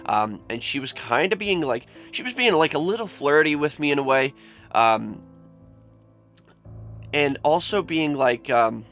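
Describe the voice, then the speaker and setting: A man's voice: a little high, expressive, unhurried, a bit bright, faint music behind. Emotional young man telling a vlog story. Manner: candid, emotional, swears often, many "like" fillers. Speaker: vlogger.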